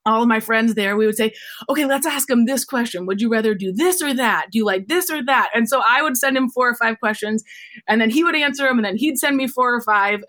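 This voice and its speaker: Animated storytelling woman. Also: on the high side. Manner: animated, acts out quotes, laughs often. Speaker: guest. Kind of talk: storytelling in conversation.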